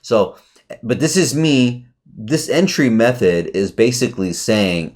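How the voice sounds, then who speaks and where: A man talking casually through a trade review on his charts, excitable and swearing often, with sudden jumps in pitch. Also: unhurried. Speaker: trading educator.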